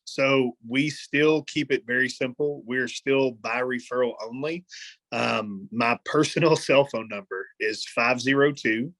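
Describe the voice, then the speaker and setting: A man's voice: medium pitch, measured pace, fairly bright tone, low-quality recording. A man speaking as a guest in a casual interview, humble and self-deprecating, keeping his answers brief.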